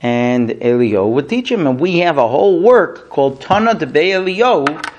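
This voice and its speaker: A man's voice: fairly high pitch, animated, moderate pace, muffled recording. A man teaching a Talmud class to students, telling a story animatedly and acting out the quotes. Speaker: Torah teacher.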